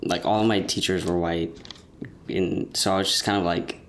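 A man's voice: deep voice, steady tone, normal speed, fairly bright tone, a little hiss or hum. A young man chatting casually as a podcast host, rambling with lots of restarts and fillers. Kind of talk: casual chat.

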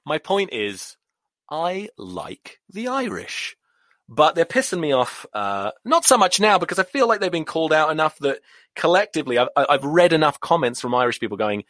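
An English man in his thirties hosting a podcast, ranting casually about rugby in an animated, sweary way that keeps wandering off on tangents. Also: a little high, normal speed, no room sound, studio quality. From England. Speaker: podcast host.

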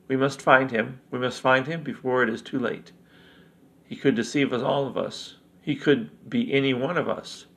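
A man voicing an alarmed, insistent male mayor in a gravelly voice. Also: mid-range voice, a bit bright.

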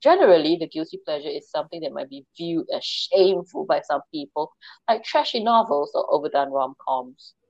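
A woman's voice: low voice, sing-song, a little fast, creaky, a little mellow, dry recording, lo-fi sound. A woman co-hosting a casual podcast chat, talking in a chatty way and reading sources aloud. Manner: chatty, reads sources aloud, laughs at herself. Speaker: podcast co-host. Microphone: remote call.

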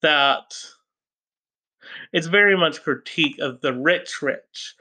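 Guy reading a novel out loud for his podcast, slow and kinda bright, keeps stopping to chat and fix his slips. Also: on the high side. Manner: hesitant, self-correcting, many fillers and laughs at own slips. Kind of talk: casual audiobook reading with chatty asides.

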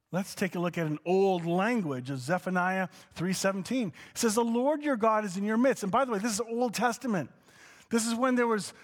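A man preaching a conversational teaching sermon, animated, dropping to soft asides and rising to excited exclamations. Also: high voice, big-room sound. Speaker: pastor.

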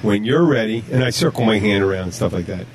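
A man's voice: on the low side, expressive, fast, slight background noise. A man from Minnesota hosting a casual podcast chat, rambling and acting out his customers' lines. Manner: rambling, acts out customers in voices. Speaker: podcast host, bartender.

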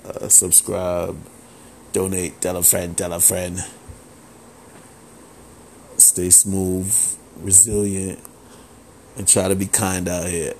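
New guy ranting on his podcast, low voice, cussing a lot, faint room hum. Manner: animated, profane, repeats filler phrases. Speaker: podcast host. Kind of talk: casual solo commentary.

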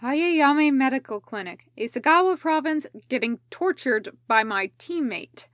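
A worn-out, grumpy male ninja patient, voiced by a woman reader snaps back with sarcasm. The lines come out louder and a little higher. The sound is close and dry. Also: expressive, unhurried, no echo. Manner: irritable, grumbling, sarcastic.

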